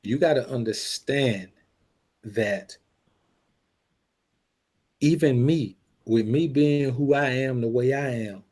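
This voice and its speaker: A man's voice: mid-range voice, darkish tone, breathy edge. A man co-hosting a podcast, talking bluntly and profanely in a lecturing way. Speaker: podcast co-host. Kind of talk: casual podcast talk.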